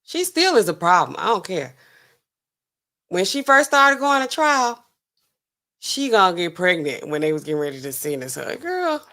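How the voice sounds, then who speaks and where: Sassy animated woman reacting to news. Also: normal speed. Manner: animated, sassy, colloquial, swings pitch for emphasis. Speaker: pharmacist host. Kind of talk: casual reaction commentary.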